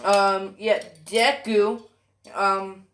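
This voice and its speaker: Slow, rambling, profane fan storyteller. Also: mid-range voice, little pitch movement, fairly bright tone, a little hiss or hum. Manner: rambling, profane, self-correcting, many fillers.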